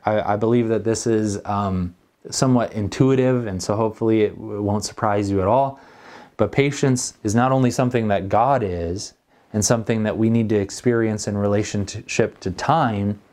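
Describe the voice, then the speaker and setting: Middle-aged male pastor, low-pitched, earnest and conversational, preaching a sermon. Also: darkish tone.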